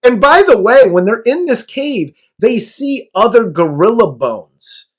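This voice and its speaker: A man's voice: very high voice, very animated, unhurried, breathy edge. Laid-back man recapping a movie plot. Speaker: co-host of a movie review show.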